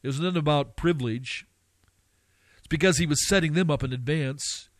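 A man's voice: fairly quick, dry recording. A man preaching a sermon to listeners. He asks them rhetorical questions and works up to fervent, pleading surges. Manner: impassioned, surging to fervent high-pitched pleading. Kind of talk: radio sermon.

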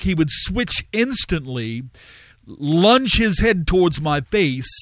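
An earnest male host of a live radio show, recounting events and exhorting his audience with plenty of ums and uhs. His voice sits slightly high for a man, and the studio sound is dry and close. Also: fairly bright tone, no room sound. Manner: earnest preaching cadence with fillers. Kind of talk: live radio talk, storytelling.

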